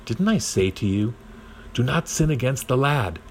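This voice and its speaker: A man's voice: mid-range voice, animated, normal speed, slight background noise, voice pushed up, natural voice. A man voicing a reproachful eldest brother, earnest and insistent in a storybook reading.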